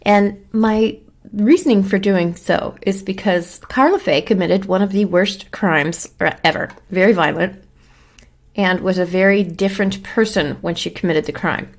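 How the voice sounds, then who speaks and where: Gravelly-voiced chatty woman host. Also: mid-range voice, measured pace. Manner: chatty and rambling, fussing over her dog between topics. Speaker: true crime channel host. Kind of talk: casual chat to viewers.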